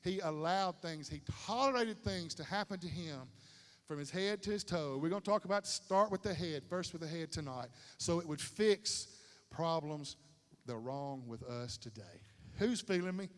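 High-pitched guy preaching in a big stadium, chatty and animated, lots of echo tail. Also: normal speed. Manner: animated, conversational preaching with slang asides. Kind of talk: sermon. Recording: long hall reverb.

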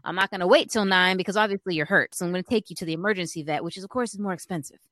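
Woman rambling through a funny story, lowish voice, dry close sound. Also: rapid-fire, no room sound. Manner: animated, chatty, lots of fillers and acted-out quotes. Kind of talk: casual storytelling.

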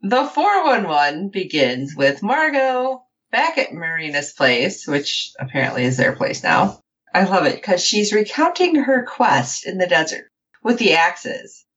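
Woman, podcast co-host, casual recap, animated, lively intonation, dull lo-fi sound. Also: fairly low pitch, a little slow. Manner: animated, quotes characters in playful voices.

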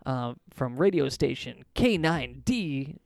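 A young man co-hosting a casual podcast chat, animated and rambling as he tells stories, laughing often. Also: medium pitch, slow, vocal fry, dry recording. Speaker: podcast co-host.

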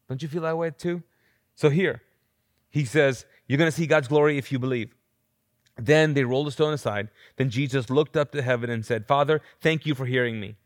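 A male pastor preaching live in a church, talking in a conversational, animated way and asking the crowd questions. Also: mid-range voice, dry recording, studio quality. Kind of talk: sermon. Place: church auditorium.

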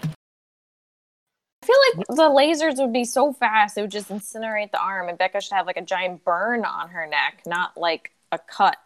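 A woman's voice: medium pitch, unhurried. A woman co-hosting a podcast, chatting expressively about a TV show and laughing often. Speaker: podcast co-host. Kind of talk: casual chat about a TV show.

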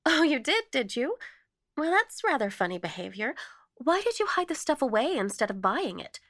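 A woman voicing a brisk, practical lady visitor in a spoken story, speaking high and insistently. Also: very animated, fairly bright tone, no room sound, clean studio sound, heavily acted. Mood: eager. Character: brisk, cheerful, practical middle-aged English lady.

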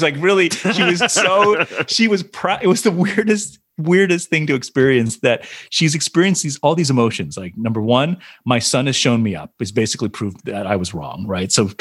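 A man, an actor, telling anecdotes in a casual interview, animated and laughing often. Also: medium pitch, normal speed, slightly rough, no echo, clean studio sound. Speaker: actor, guest.

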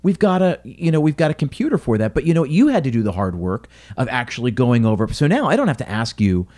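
A man's voice: mid-range voice, quick pace. A man with a mid-range voice talks through his advice to restaurant managers with coaching energy. He often acts out little exchanges between guests and staff. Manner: energetic, coaching tone, quotes others. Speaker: restaurant consultant. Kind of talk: casual podcast conversation.

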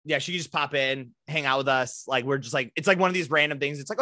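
A man's voice: medium pitch, fast talker, sharp tone, no room sound, studio quality. A man in his thirties co-hosting a podcast, joking animatedly and acting out quoted voices in casual banter. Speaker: podcast co-host.

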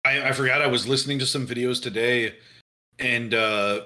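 Bright-voiced man in casual chat. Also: medium pitch, steady tone, normal speed. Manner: jokey, puts on gruff voices, laughs often.

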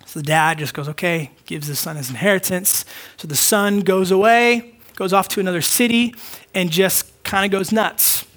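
A man's voice: high voice, normal speed, fairly bright tone. A man preaching a conversational sermon, acting out short quoted dialogues. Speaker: pastor.

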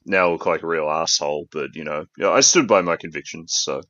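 A man's voice: rumbling low, brisk, sharp tone, lo-fi sound, a little hiss or hum. A man chatting casually on a podcast, rambling and laughing as he tells stories. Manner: laid-back, rambling, laughs while telling stories.

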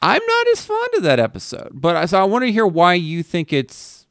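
A man co-hosting a casual podcast chat, animated and quick to chime in with agreement. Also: high voice, creaky, no room sound, clean studio sound.

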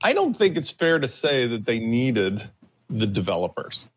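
A man's voice: medium pitch, huge pitch swings, normal speed. A man co-hosting a casual panel discussion, opinionated and emphatic, stretching out his key words. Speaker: podcast co-host.

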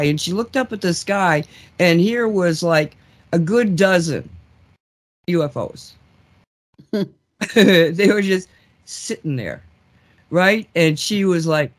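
A woman's voice: deep voice, moderate pace. Woman host, casual storyteller, rambling, many restarts, laughs a lot. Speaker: talk show host.

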